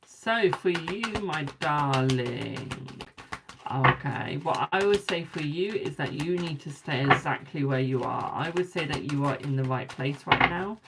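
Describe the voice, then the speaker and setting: A woman's voice: deep voice, background noise. A British woman hosting a live tarot stream in casual chat, calling viewers darling, a bit tired and yawning. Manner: chatty, calls viewers darling and boo.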